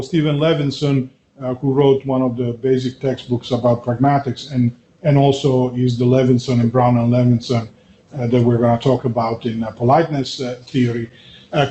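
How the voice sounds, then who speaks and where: A middle-aged man giving a university lecture, often checking in with "okay?" and "right?" and pausing on filler sounds. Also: mid-range voice, dark tone, slight background noise. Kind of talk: classroom lecture.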